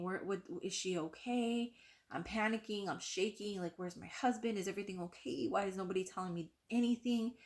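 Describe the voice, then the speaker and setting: A young woman vlogger telling a personal story to the camera in an animated way, full of "like" and acted-out quotes of what others said. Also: lowish voice. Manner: animated, acts out quoted voices, frequent "like".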